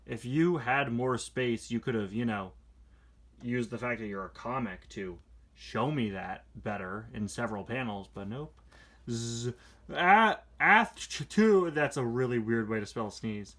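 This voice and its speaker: A man reviewing a comic book adaptation in a casual, sarcastic, exasperated way, reading captions aloud in quick put-on voices. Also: medium pitch, expressive, a bit bright. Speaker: toy reviewer.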